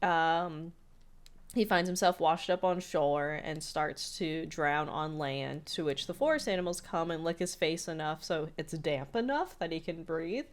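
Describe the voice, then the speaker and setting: Woman, fairly low voice, casual chatty recap, filler-heavy. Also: measured pace. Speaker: podcast co-host.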